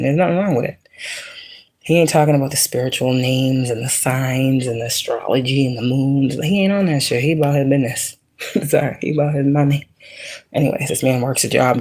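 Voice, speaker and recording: A woman's voice: extremely low pitch, darkish tone. Profane, joking spiritual reader woman. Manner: blunt, profane, joking asides. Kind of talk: casual spiritual reading.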